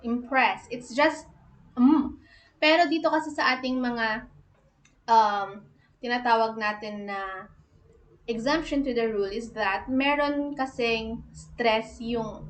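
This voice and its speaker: A young Filipino-accented woman teaches a lesson at an unhurried, deliberate pace, her voice sitting a little high. She spells out letters one by one and repeats words as she goes. The room gives her voice a noticeable echo. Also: slight background noise. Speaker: shorthand teacher. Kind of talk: online lesson.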